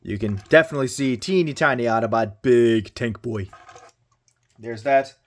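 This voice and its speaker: A Canadian man with a medium-pitched voice reviews a toy at a normal speed. He's chatty and jokey, letting out mild exasperated exclamations while handling it.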